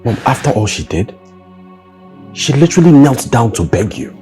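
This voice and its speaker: A man's voice: mid-range voice, very animated, moderate pace, dark tone, soft background music, lightly acted. An actor playing a young husband caught between his wife and mother, pleading and conciliatory, with a Nigerian English accent. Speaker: husband and son.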